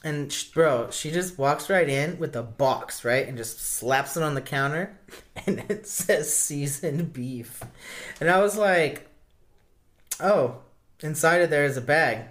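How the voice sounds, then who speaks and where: A young man with a slightly raised pitch, co-hosting a podcast. He tells long, rambling anecdotes about old jobs, full of casual slang. His tone stays loose and chatty. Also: measured pace, a bit bright. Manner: rambling anecdotes, says bruh and dude. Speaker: podcast co-host. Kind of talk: casual chat.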